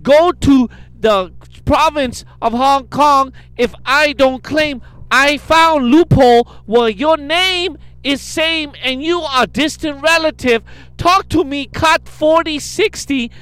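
A man voicing a scheming female bank clerk who speaks in slow, clipped broken English. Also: very high-pitched, a bit bright, no room sound, pitched above the performer's own voice, full character voice. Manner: slow, clipped, choppy phrasing.

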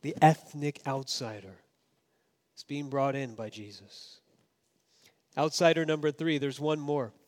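A man preaching a sermon as pastor, swinging between emphatic raised passages and hushed, low asides. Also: a little slow, long pauses.

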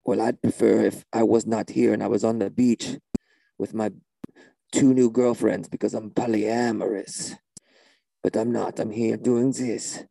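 A man voicing a spaced-out, deadpan male shaman who plays the guitar, with a put-on drawl. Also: lowish voice, measured pace, creaky, slightly rough, no echo, exaggerated voice, rough recording. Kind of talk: comedy sketch character.

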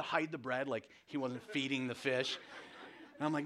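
A man preaching a relaxed, conversational sermon, telling family stories with lots of restarts and self-deprecating asides. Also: mid-range voice, fairly quick, a crowd in the background.

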